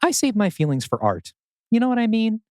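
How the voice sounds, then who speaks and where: A wry, unsentimental old artist, as a man puts him on in an audio drama, airy and theatrical. His pitch climbs and swoops in a lively way. The sound is close and dry. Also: a little fast, clean tone, no room sound.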